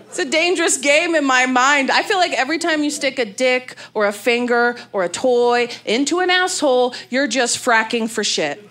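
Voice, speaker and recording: A woman's voice: on the high side, normal speed, hardly any pauses, background noise. A woman in her thirties from Las Vegas, doing a candid, brash stand-up set on a comedy club stage, talking into a handheld mic. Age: 30s. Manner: brash, candid storytelling with big animated asides. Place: comedy club stage before a live audience. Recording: live club recording with audience laughter. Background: crowd laughter and room ambience.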